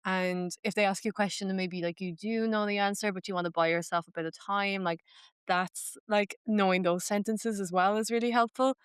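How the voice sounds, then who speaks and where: A woman's voice: mid-range voice, fairly even intonation, brisk, clear, resonant tone, dry recording, studio quality. A young woman with an Irish accent hosting a podcast in casual chat, peppering her talk with "like". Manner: chatty, fills speech with "like", slips into Irish phrases. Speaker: podcast host.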